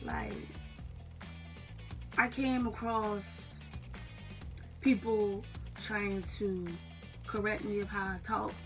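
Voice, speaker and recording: A woman's voice: mid-range voice, big pitch swings, very slow, long pauses. Southern girl vlogging, slangy and emphatic, mic kinda far off, faint music under it. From Southern United States. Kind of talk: casual talk to camera.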